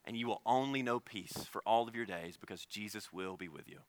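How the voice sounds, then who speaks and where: A man preaching a sermon as pastor, earnest, swinging between loud emphasis and hushed, quiet lines. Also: fairly low pitch, fairly quick.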